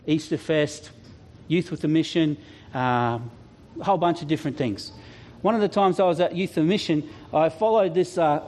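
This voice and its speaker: Animated, higher-voiced male preacher. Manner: animated, acts out quoted voices; self-deprecating humor. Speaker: pastor. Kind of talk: sermon storytelling.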